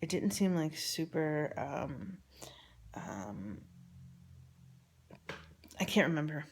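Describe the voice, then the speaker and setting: A woman telling a personal story about her family in a rambling, halting, confessional way, often dropping to a near whisper. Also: deep voice, sing-song, gravelly, slight background noise.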